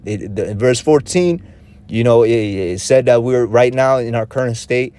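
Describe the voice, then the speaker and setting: A man's voice: mid-range voice, moderate pace, warm tone, clear, resonant tone. A man teaching scripture in an informal street-preacher way, full of slang and profanity, with frequent restarts and rhetorical questions. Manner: rhetorical questions, checks in with "all right?" and "man".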